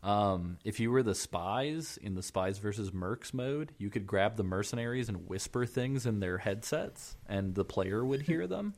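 A man's voice: on the low side, expressive, a little slow, hardly any pauses. A man co-hosting a casual gaming podcast, leading the recap with a wry, joking, profane manner. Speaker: podcast co-host narrating a game playthrough.

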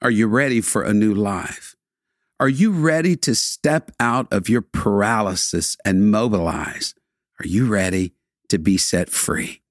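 A man's voice: lowish voice, unhurried, dry recording, clean studio sound. Man preaching in rhythmic, building repetitions. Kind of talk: devotional sermon.

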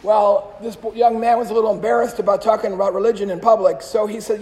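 A priest giving a storytelling homily, telling stories and trailing off softly at the ends of phrases. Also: male voice, sits high, level tone, quick pace, big-room sound, rough recording. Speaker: Catholic priest.

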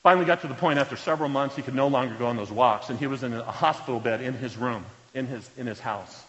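Pastor telling stories in a reverberant hall. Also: male voice, medium pitch, fast. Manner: earnest storyteller, dropping to a hush at solemn moments. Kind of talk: sermon storytelling. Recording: reverberant hall, dull lo-fi sound.

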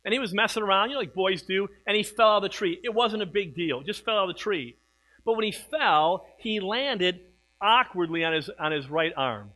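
A middle-aged man preaching a sermon, swinging from hushed, slow passages to loud, emphatic ones. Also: high-pitched, expressive, poor audio. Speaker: pastor.

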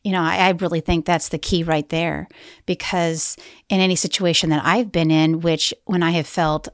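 A woman's voice: on the low side, fairly even intonation, normal speed, no room sound, studio quality. A middle-aged woman co-hosting a podcast, talking through a personal experience in a reflective way. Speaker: podcast co-host. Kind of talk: conversational podcast talk.

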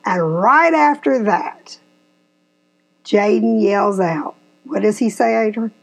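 Woman, fifties, podcast host, lively storyteller. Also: medium pitch, slow pace, gravelly. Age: 50s. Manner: animated storyteller, acts out quotes. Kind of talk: casual storytelling chat.

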